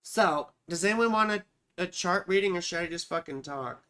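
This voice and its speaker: A woman's voice: lowish voice, moderate pace, a bit bright. A woman astrologer hosting a live chart-reading stream, talking in a rambling, profane, self-mocking way. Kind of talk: casual livestream chat.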